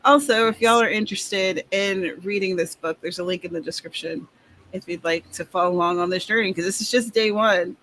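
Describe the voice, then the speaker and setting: A woman's voice: mid-range voice, fairly quick, a bit bright, a little hiss or hum. A woman hosting a casual livestream for writers, chatting, reading out updates and laughing often. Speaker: host, author. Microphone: video call.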